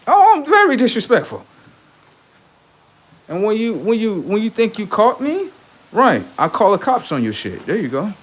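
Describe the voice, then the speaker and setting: Profane, animated man ranting on a livestream. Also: high-pitched, slight background noise. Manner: profane, boastful, laughing, acts out quoted voices. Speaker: livestream host. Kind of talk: rambling livestream monologue.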